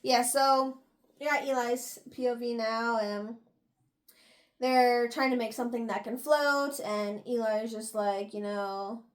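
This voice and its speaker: A woman's voice: on the high side, fairly even intonation, slow pace. A young woman giving a casual book recap as a podcast host, chatty and full of laughs.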